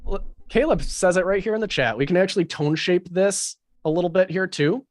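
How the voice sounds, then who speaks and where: A man's voice: high voice, brisk, dry recording, clean studio sound. Casual man talking through a mix. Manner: casual, thinking aloud with many fillers. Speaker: mixing engineer teaching a livestream. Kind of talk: live mixing tutorial. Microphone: video call.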